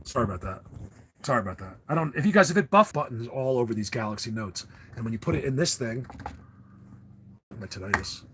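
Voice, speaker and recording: A man's voice: mid-range voice, expressive, a little fast, long pauses, fairly bright tone, slight background noise. A man hosting a casual livestream, rambling and ranting to his viewers with frequent restarts. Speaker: livestream host.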